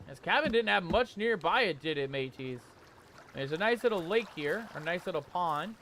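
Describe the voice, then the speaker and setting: A man's voice: high voice, lively intonation, normal speed, a bit bright, a little hiss or hum. A man hosting a let's play, talking to viewers as "mateys" with pirate slang and breaking into panicky yelps when scared. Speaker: gaming channel host.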